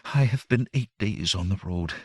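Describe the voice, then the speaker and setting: A frightened young woman, drained from a hard journey, who speaks haltingly and breathily, played by a man reading aloud. Her lines lift above the narrator's deep register but stay close and dry. The voice sounds near and intimate. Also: breathy edge, no echo, full character voice. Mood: weary.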